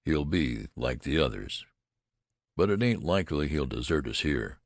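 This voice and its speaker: A man reading a gruff, hot-tempered frontier trapper with a folksy drawl in an audiobook. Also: very deep voice, lively intonation, moderate pace, no echo, studio quality, heavily acted.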